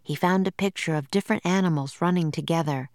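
A woman narrating a children's storybook in a slow, measured and clear manner. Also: on the low side, darkish tone, dry recording, studio quality.

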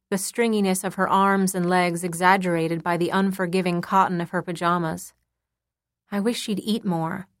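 A woman reading a first-person novel aloud in a measured, intimate storytelling manner. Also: fairly low pitch, dry recording, studio quality. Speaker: audiobook narrator. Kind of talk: first-person audiobook narration.

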